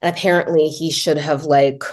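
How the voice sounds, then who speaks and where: A woman giving a casual comedic movie recap, talking in a chatty, animated way with lots of "like" and dry low asides. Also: moderate pace. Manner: chatty and animated, heavy use of "like"; swings between excited high pitch and low deadpan asides.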